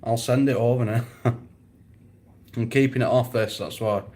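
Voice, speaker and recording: A man's voice: mid-range voice, fairly even intonation, moderate pace, a little mellow. A man chatting casually on a live stream, answering viewers, rambling and often breaking into laughter.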